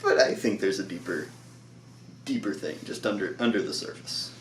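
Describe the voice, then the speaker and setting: A man's voice: low voice, animated, moderate pace, roomy sound, far from the mic, a little hiss or hum. A tired man recapping a show episode in a loose, rambling way, with lots of "like" and frequent laughs.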